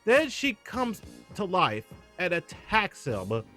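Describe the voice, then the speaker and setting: A co-host with a high voice takes it slowly in a casual movie discussion, soft music playing behind him. He's animated, retelling scenes, acting out lines from the film, and laughing often.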